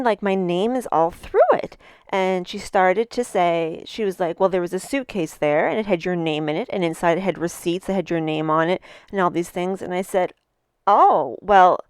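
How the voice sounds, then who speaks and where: A middle-aged woman with a slightly low voice tells a personal story as a podcast host. She talks in a chatty, animated way and keeps adding asides. The recording is dry and close, with no room sound. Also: clean tone, no room sound. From Canada. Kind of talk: casual storytelling monologue.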